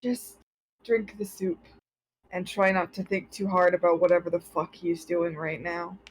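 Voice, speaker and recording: A woman's voice: lowish voice, flat delivery, moderate pace, husky, pitched below the performer's own voice, low-quality recording. A woman playing a blunt, exasperated young man who swears casually.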